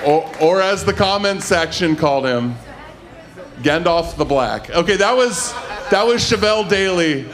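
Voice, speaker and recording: High-voiced man emceeing a comedy night. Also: some chatter behind. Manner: energetic, quick introductions. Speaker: comedy show host. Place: comedy club stage.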